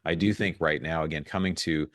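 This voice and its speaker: A man speaking as a guest in a podcast interview, telling stories in an animated way with frequent restarts. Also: extremely low pitch, no echo, studio quality. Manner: fast, animated storytelling with restarts. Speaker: guest investor.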